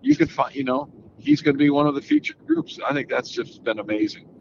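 An older man, a golf analyst guest, answering interview questions in a relaxed, rambling way with many restarts. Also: very high-pitched, fairly quick, vocal fry. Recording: slightly dull audio with faint background noise.

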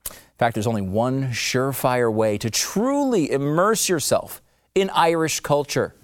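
Man, podcast host, sarcastic comedic monologue, very animated pitch, dead dry sound. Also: measured pace, no room sound. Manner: sarcastic, theatrical swings of voice.

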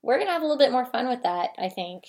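A woman's voice: a little high, sing-song, racing, a little mellow. A woman co-hosting a comedy podcast in casual banter, playful and giggly, with a self-assured streak. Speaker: podcast co-host.

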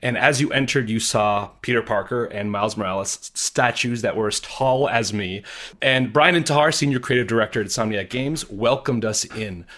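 A man as a podcast guest, excitedly telling about an event he attended. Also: medium pitch, moderate pace. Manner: excited storytelling. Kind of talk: recounting an event.

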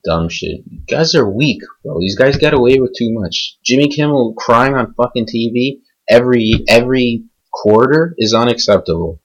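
A young podcast host goes on an angry, unscripted rant, swearing heavily and jumping from point to point. His mid-range voice is animated and moves at normal speed with hardly any pauses, though the audio sounds dull.

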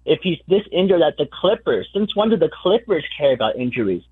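A man's voice: on the high side, sing-song, fairly quick, breathy edge. A male caller phoning in to a sports talk show, fired up and firing off questions. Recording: tinny phone line.

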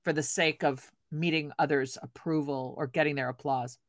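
A woman who once taught at a university, answering interview questions in a thoughtful, measured way. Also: sits low, steady tone, dry recording, studio quality. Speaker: guest, former university educator. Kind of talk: podcast interview.

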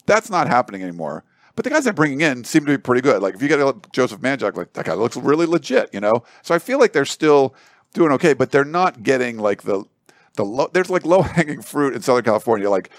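A man's voice: medium pitch, sing-song, fast, no echo, studio quality. A man giving sports analysis on a panel show, talking in a loose, rambling way with lots of fillers. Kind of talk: casual panel discussion.

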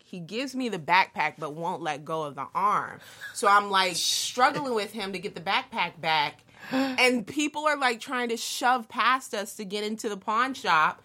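A young woman telling a story in casual chat, animated and swearing freely as she acts out what people said. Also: medium pitch, measured pace.

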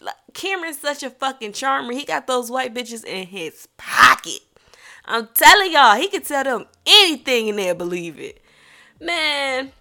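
A woman telling a personal story in a casual vlog, animated and profane, acting out the other people in it. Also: a little high. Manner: animated, profane, acts out voices in her story.

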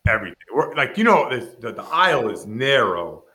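A man with a bright, forceful voice, spinning a loose, lively locker-room story. He leans on constant "like" fillers and slips into other people's voices as he talks. His speaking voice sits at a middling pitch. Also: a little fast. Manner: lively anecdote-telling with heavy "like" fillers and acted-out quotes. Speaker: podcast guest, former player. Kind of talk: animated storytelling.

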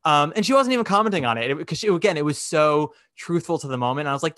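A man's voice: a little high, quick pace, hardly any pauses, no room sound, clean studio sound. A man hosting a podcast, chatting casually and acting out quotes as he tells stories. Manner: chatty, animated storytelling, acts out quotes. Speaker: podcast host. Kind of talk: casual chat.

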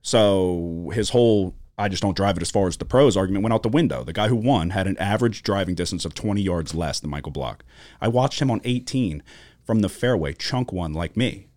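A man's voice: low voice, brisk, no room sound. A man co-hosting a studio podcast, telling stories in casual chat, swearing freely and acting out quoted voices. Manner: profane, animated storytelling with quoted voices. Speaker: podcast co-host.

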